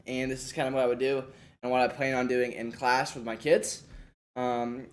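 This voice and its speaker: A young man, a first-year special education teacher, casually walking through a lesson plan with many fillers and restarts. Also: medium pitch.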